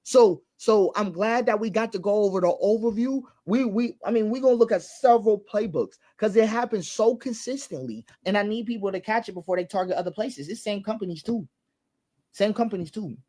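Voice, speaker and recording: The voice sits high and is animated, brisk, and warm in tone as the man sounds off on social issues with real passion. Emphatic throughout, he repeats his central phrases, asks rhetorical questions, and sometimes laughs.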